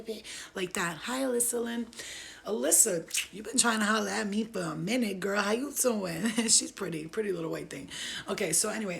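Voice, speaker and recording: A woman's voice: lowish voice, vocal fry, a bit bright. A young woman casually telling viewers a ghost story, rambling, swearing and laughing often.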